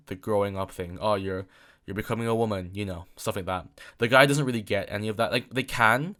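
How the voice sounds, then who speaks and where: Teen guy from england rambling solo on his podcast, lowish voice, keeps repeating himself, lots of likes and ums. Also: a bit bright. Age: late teens. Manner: rambling, repeats words, many fillers. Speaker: podcast host.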